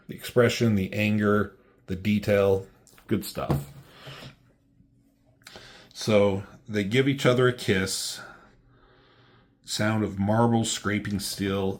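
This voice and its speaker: A man's voice: fairly low pitch, fairly even intonation, slow pace, creaky, long pauses. A man giving a loose, profane, filler-heavy walkthrough of a comic book issue as its reviewer.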